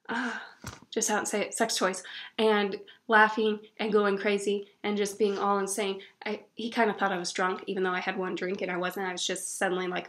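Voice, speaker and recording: A young woman chatting in a bubbly, animated way about books she picked up, acting out little quotes as she goes. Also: mid-range voice. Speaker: book vlogger. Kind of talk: casual book haul chat.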